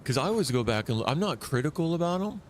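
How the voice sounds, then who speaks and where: A man's voice: fairly high pitch, fast talker, background noise. Rambling man streaming a shooter game. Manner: rambling, restarts sentences, excitable. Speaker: streamer playing a survival shooter. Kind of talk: live gameplay commentary.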